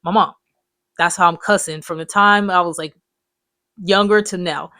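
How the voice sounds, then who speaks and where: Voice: mid-range voice, steady tone, moderate pace, bright, forceful tone, no echo. A person in their twenties telling life stories in a loose, rambling, profane way, full of slang. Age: 20s. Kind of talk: casual storytime monologue.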